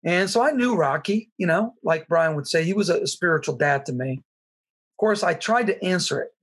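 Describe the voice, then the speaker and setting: A middle-aged man telling a personal story in an earnest, halting way, with frequent restarts. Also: on the high side, animated, breathy edge. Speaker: guest sharing his testimony.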